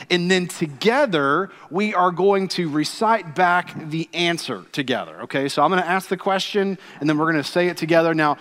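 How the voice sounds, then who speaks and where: Animated man preaching in a church hall. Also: a little high. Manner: animated, warm storytelling with playful asides to the congregation. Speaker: pastor. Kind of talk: sermon. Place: church auditorium.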